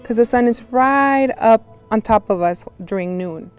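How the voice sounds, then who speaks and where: A woman teaching a virtual class as a sign language interpreter, slow and clear, going through letters one by one and explaining with friendly examples and asides. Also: on the high side, faint music behind. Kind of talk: casual instructional talk. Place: home, on a video call. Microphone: video call.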